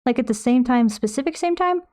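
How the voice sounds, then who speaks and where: Mellow-voiced young woman rambling on stream. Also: high-pitched, expressive, a little fast. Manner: rambling, self-mocking, reads chat aloud. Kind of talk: casual chat while painting. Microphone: desk microphone close by.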